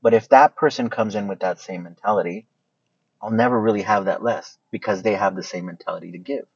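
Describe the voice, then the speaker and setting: Husky low-voiced joking podcast man. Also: brisk, a little mellow, dry recording. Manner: joking, laughs often, hesitant restarts when explaining. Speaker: podcast co-host. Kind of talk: casual chat. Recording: dull lo-fi sound.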